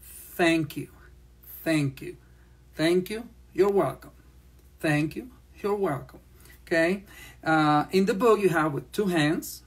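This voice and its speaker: Slow-paced sign language teacher. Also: medium pitch, breathy edge. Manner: speaks slowly, repeats phrases while demonstrating signs. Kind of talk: slow classroom lesson.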